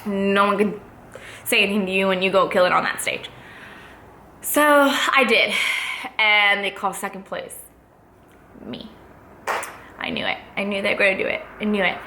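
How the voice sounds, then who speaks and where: A woman's voice: medium pitch, pushed and bright, a little hiss or hum. A young woman, a fitness competitor, telling her story in a casual, candid way, swearing freely and peppered with fillers. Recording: echoey room with faint ambience.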